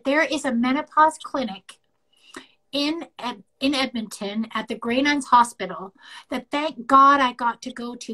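A high-pitched middle-aged woman from Canada talks in a casual podcast chat. She tells her story candidly and with energy, acting out what others said to her. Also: low-quality recording. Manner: candid, animated storytelling with quoted dialogue. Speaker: podcast co-host.

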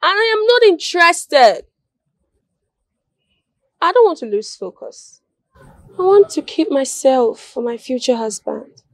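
A woman's voice: high voice, big pitch swings, a little slow, pauses often, no echo, studio quality, exaggerated voice. A young actress with a Nigerian English accent playing a principled young woman who speaks firmly and sternly in a film. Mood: defensive. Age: young adult. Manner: firm, stern. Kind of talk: Nollywood film acting.

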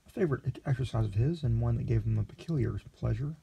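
Brief: male storyteller, deep dark timbre, raspy and gravelly, plain unhurried reading.

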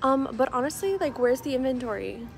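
A woman's voice: high-pitched, lively intonation, brisk, a little hiss or hum. A bubbly young woman in her twenties, chatting playfully on a handheld camera while walking through shops. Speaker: vlogger. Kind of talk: casual vlog chat. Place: shops and a restaurant, indoors.

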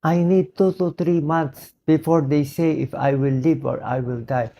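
A hoarse man with a Filipino accent, a doctor giving an earnest, pleading personal monologue. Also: fairly high pitch, fairly even intonation, normal speed, muffled recording. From Philippines. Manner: earnest, pleading, switches between English and Tagalog.

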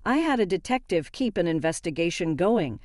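A woman's voice: on the low side, big pitch swings, fairly quick, darkish tone, dry recording, clean studio sound. A woman voicing a composed young wife who answers her husband coolly and cuttingly in a story. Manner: cool, cutting.

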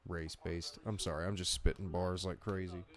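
Low-voiced man doing crude movie commentary. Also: fairly even intonation, brisk. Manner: crude, jokey, laughs often. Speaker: co-host.

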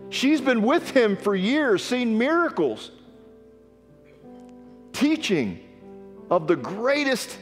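A man's voice: on the high side, big-room sound. A man preaching a sermon with earnest emphasis, reading scripture aloud. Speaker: pastor. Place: church sanctuary.

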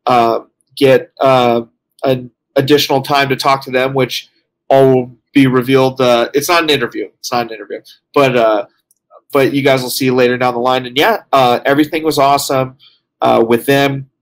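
A man's voice: medium pitch, level tone, moderate pace. Tired guy rambling on a casual podcast, lots of likes and uhs, medium voice. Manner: rambling, full of fillers and "like". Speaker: co-host reporting from a convention.

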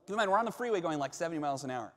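A male pastor preaching a sermon and telling a personal story with animated delivery, acting out shouts and quotes. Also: a little high, racing. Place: church auditorium. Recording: long reverb of a large hall.

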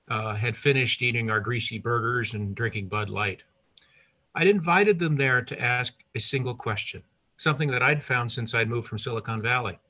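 An older man telling a personal story to an audience, lively, with asides and self-corrections. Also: mid-range voice.

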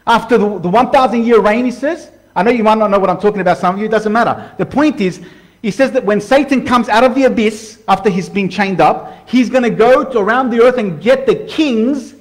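High-voiced animated male preacher. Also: a little fast. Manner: animated, talks to viewers as "guys", acts out quoted voices. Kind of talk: casual sermon to camera.

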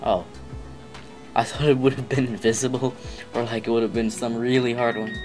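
A man doing let's play commentary, reacting loudly with yelps and groans whenever the game catches him out. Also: medium pitch, little pitch movement, normal speed, over music. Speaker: gamer.

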